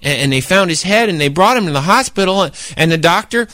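A man's voice: sits high, animated, brisk, sharp tone, dry recording. A man storyteller voicing an eager boy telling a spooky tale in a stammering, rambling way. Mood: earnest.

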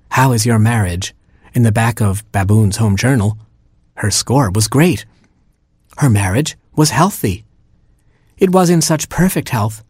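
Male storyteller reading a comic tale aloud, dry and wry, husky tone, close dry sound. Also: medium pitch, darkish tone, no room sound.

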